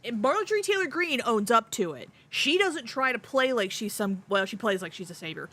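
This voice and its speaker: A woman's voice: a little high, big pitch swings, a little fast, a bit bright. A woman chatting on a panel show, blunt and opinionated, talking with many fillers. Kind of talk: casual panel chat.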